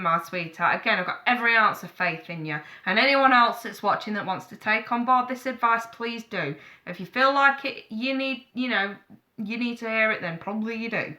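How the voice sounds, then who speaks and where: Woman, tarot reader on a live stream; bright, forceful voice, blunt and affectionate. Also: fairly high pitch. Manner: chatty, calls viewers darling and sweetheart; blunt, frank advice with swearing.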